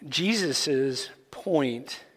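A man preaching a sermon as pastor, explaining scripture in a deliberate, emphatic way. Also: medium pitch, lively intonation, a bit bright. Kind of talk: expository sermon. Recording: long reverb in a large hall.

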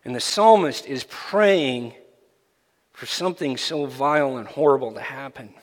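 Slow-preaching pastor in an echoing hall. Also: male voice, medium pitch. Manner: dramatic swings from hushed to loud. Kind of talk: sermon. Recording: long hall reverb.

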